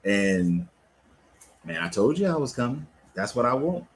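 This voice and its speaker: Measured in pace, with a mid-range voice, a man speaks over a low-quality recording carrying a bit of hiss or hum. A life coach and cigar lounge owner, he's livestreaming from his lounge, laid-back, swearing freely and telling stories with animation.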